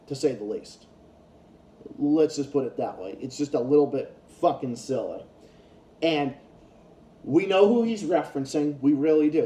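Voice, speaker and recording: A man's voice: a little high, warm tone, echoey room. A man ranting in a casual commentary vlog, heated and profane, often restarting his sentences. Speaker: YouTube commentator.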